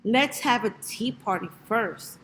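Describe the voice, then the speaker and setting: Sweet-voiced little girl playmate, read by a woman; slow storybook lines. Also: fairly high pitch, animated, fairly bright tone, slight background noise, heavily acted. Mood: plain. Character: little girl playmate, polite then blunt.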